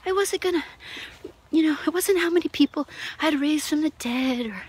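A woman giving an emotional personal testimony, often laughing softly and dropping into whispers. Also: high-pitched, moderate pace. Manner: tearful, laughing, drops to whispers. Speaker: Christian testimony speaker.

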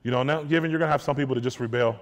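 A man's voice: medium pitch, very fast. A man giving a candid personal testimony to an audience, earnest and repeating words as he searches for them. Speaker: guest speaker. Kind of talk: testimony talk. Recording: long hall reverb.

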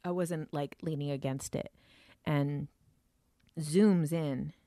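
A woman's voice: deep voice, steady tone, slow, dark tone, no echo, studio quality. A woman telling a personal story in a casual way, with many fillers and some swearing. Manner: filler-heavy, swears, vivid retelling. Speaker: storyteller recounting an encounter.

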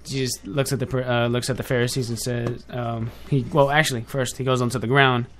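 Hosting a casual online radio show, a young man talks off the cuff, rambling with filler and frequent self-corrections while staying chatty and direct with his audience. His medium-pitched voice is brisk with little pitch movement. The headphone and desk mic setup carries a little hiss or hum.

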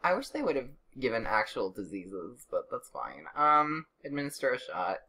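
A woman's voice: rumbling low, sing-song, normal speed, pushed and bright. A young woman casually narrating her life-sim gameplay, chatty and sarcastic, with exasperated outbursts. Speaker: let's play gamer.

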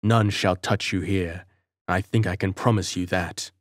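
A man's voice: sits low, steady tone, unhurried, no room sound, studio quality. A man doing a grim crippled soldier father. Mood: muttering. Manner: grim, gritted, muttering.

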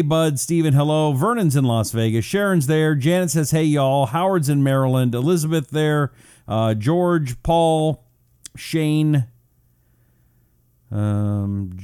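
A man's voice: mid-range voice, dark tone, no echo, clean studio sound. A man from Washington State hosting a talk show, chatting loosely, greeting listeners and drawing out words for effect. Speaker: radio talk show host. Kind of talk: casual talk show monologue, reading out audience messages.

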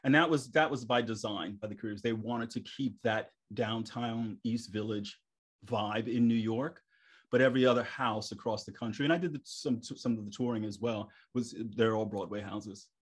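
A middle-aged man, a stage performer guest on a podcast, telling stories in a lively way and acting out his own thoughts. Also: fairly low pitch, normal speed, husky. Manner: animated, acts out his own inner thoughts. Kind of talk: casual storytelling interview.

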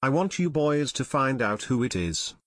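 A man voicing a nervous, haggard chief pilot who speaks in a hushed, quavering, pleading way. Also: medium pitch, big pitch swings, normal speed, no echo, studio quality. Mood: tense.

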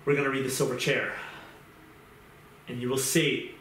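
Bright-voiced man preaching in an echoey room. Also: medium pitch, level tone, a little hiss or hum. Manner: conversational, repeats phrases, halting restarts. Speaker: pastor. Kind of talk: informal sermon. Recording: roomy echo.

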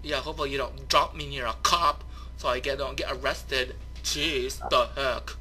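A man's voice: mid-range voice, fairly even intonation, moderate pace, pushed and bright, a little hiss or hum. A young man playing a game with his nephew in an exaggerated spoof of a hyper YouTuber, repeating phrases over and over.

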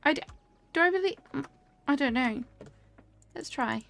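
A woman's voice: sits high, lively intonation, measured pace, gravelly, a bit bright. A young woman streaming a cozy game, chatting casually and reacting aloud to what happens on screen while answering her chat.

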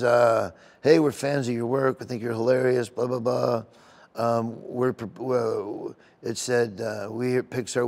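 At a golf tournament venue, a middle-aged comedian tells stories in a sit-down interview, emotional and rambling, with many restarts. His voice is mid-range with vocal fry.

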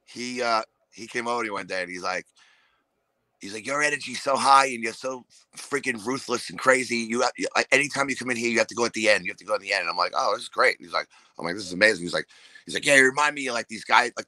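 A comedian from New York with a New York accent, talking casually and profanely, breaking into loud, ranting impressions. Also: male voice, medium pitch, no room sound, poor audio. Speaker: comedian guest. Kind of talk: casual podcast chat.

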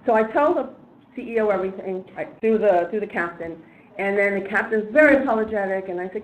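Animated woman telling a story in an echoey room. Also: medium pitch, fast talker, a little hiss or hum. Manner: animated, laughing storyteller who acts out other people's lines. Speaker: speaker at a disability training. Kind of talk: storytelling talk. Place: training event room. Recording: echoey room with faint ambience.

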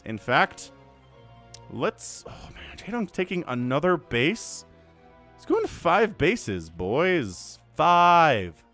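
Lively, upbeat male game caster. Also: sits high, slow, faint music behind. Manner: chatty, joking asides. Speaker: game shoutcaster. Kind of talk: casual solo game commentary.

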